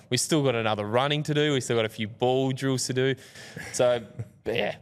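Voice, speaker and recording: A man's voice: medium pitch, fairly quick, clean tone. Man telling a story, reverberant. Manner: animated, self-mocking storyteller. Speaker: podcast guest. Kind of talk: casual storytelling. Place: podcast studio.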